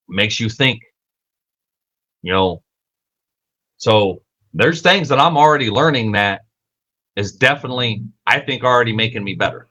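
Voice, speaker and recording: A man's voice: fairly low pitch, sharp tone, dull audio. A young man hosting a casual livestream, rambling and self-correcting, swearing freely, with lots of filler words. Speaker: podcast host.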